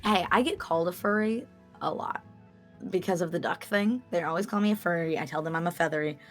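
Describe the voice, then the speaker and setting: A young woman telling a story as an interview guest, animated and chatty, laughing and swearing as she goes. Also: lowish voice, brisk, faint music behind. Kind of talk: casual storytelling.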